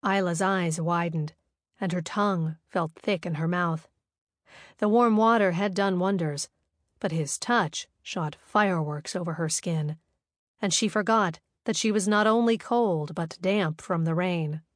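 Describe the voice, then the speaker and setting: A woman reading a romance novel aloud in smooth, even scripted narration. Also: fairly low pitch, measured pace, dry recording, clean studio sound. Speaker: audiobook narrator.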